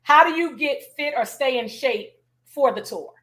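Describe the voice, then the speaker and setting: Woman, talk host, enthusiastic, slangy, storytelling, high voice. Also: moderate pace, fairly bright tone. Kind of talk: casual chat.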